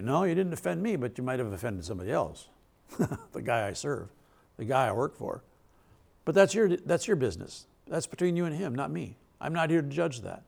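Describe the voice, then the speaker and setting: A man's voice: a little high, sing-song, a little fast, gravelly, a little mellow. A male pastor preaching a sermon in a conversational way, asking the crowd questions and laughing between points.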